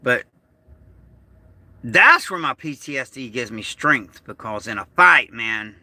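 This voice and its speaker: A middle-aged American man speaks slowly and haltingly, pausing often and letting sentences trail off. He sounds upset, fighting to keep his anger down. His voice is bright and sharp, and the recording is dry with no room echo. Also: mid-range voice, animated. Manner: agitated, slow and halting, trailing off. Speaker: vlogger. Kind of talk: emotional vlog monologue.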